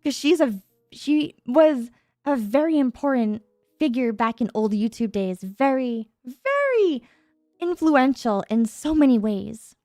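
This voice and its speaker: A woman hosting a stream in casual chat, bubbly and animated, reacting to her chat in a playful way. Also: on the high side, measured pace, no echo, studio quality, faint music behind. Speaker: VTuber streamer, host.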